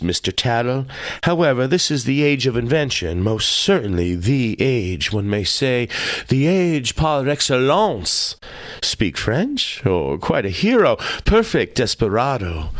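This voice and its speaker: A man's voice: mid-range voice, no echo, pitched above the performer's own voice. A man voicing a chattering society lady who gossips in scattered, rambling remarks at a card table.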